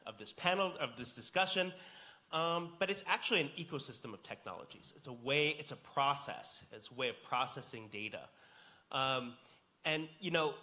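Bright-voiced American man moderating. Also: medium pitch. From United States. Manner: conversational, frequent ums. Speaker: panel moderator. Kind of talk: moderating a panel discussion.

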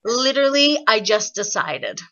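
A woman leading an online singing workshop, chatty and encouraging, explaining with lively examples over a video call. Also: fairly high pitch, normal speed, dull audio. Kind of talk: online voice lesson.

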